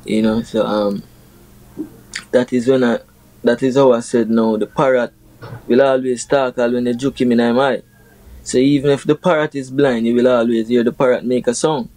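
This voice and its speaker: A young Jamaican reggae artist talks in a relaxed, unhurried interview manner. His tone is mellow and dark, and his voice sits close and dry with no room around it. He explains ideas through proverbs, leaning on "you know" as he goes. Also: medium pitch, no echo, poor audio. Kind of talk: casual interview talk.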